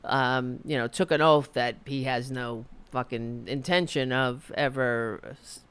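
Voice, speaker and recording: A woman's voice: extremely low pitch, fairly even intonation, measured pace, clean tone. A middle-aged woman hosting a live political stream, ranting in a heated, profane, rambling way with frequent restarts. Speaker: political commentary host.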